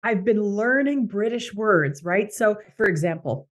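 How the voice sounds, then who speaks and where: A woman's voice: medium pitch, animated, a little slow. A middle-aged woman with a Canadian accent talks through a podcast monologue, chatty and anecdotal. She slips into quoted voices as she tells the story, in an easy conversational flow. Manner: storytelling, conversational, quoting others. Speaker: podcast host, coach.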